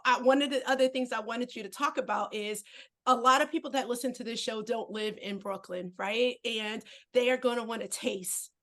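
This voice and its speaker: A woman's voice: fairly high pitch, normal speed, a bit bright. Choked-up, effusive woman podcast host. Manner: effusive and emotional, with many fillers. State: choked up, tearing up. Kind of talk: conversational interview.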